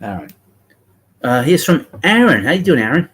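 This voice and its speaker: New york guy ranting on his baseball stream, kinda high voice, blunt and rambly. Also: big pitch swings, moderate pace, a bit bright, poor audio. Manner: blunt, rambling, talks to chat. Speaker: baseball livestream host. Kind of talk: casual livestream chat.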